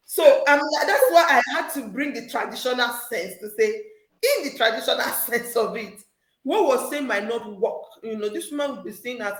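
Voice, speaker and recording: A middle-aged woman gives relationship advice in an animated, preaching manner, acting out what other people say. Her voice sits a little high. The room around her is noticeably echoey. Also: moderate pace. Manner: animated, preachy, acts out quotes with laughter. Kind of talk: casual advice chat.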